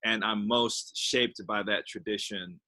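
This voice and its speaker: A man's voice: lowish voice, steady tone, a little slow, pushed and bright. A man interviewing a guest, speaking hesitantly and repeating his words as he looks for them. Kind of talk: conversational interview.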